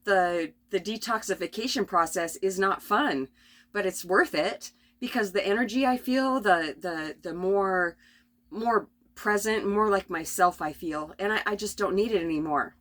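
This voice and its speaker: A middle-aged woman rambling through a spontaneous spiritual vlog from her RV, tired and coughing, with many restarts and soft laughs. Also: mid-range voice, a little slow. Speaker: vlogger. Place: at home in an RV.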